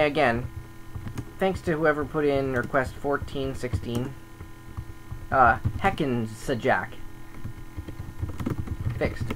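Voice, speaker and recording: A man chatting casually over his gameplay, grumbling and thinking aloud as a server admin. His voice sits at an ordinary middle pitch. A faint electrical hum runs underneath. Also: sharp tone, poor audio.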